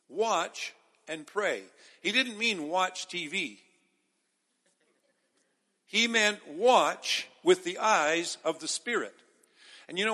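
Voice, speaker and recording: A man's voice: high voice, bright, forceful tone, in a large hall. A man from Israel preaching a sermon to a live audience, emphatic and calling out to the crowd for responses.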